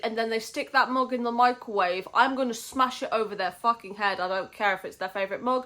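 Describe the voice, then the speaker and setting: British woman, young, casual book vlogger, slightly high voice, sweary ranter. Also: fairly quick, hardly any pauses, fairly bright tone. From Britain. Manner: chatty, swears freely, ranting in mock outrage. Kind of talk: casual vlog chat.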